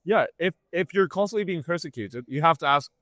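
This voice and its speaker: A man's voice: a little high, expressive, fairly quick, fairly bright tone, no echo. A man from Britain, a guest on a livestream, talking in a rambling, casual way and laughing as he goes.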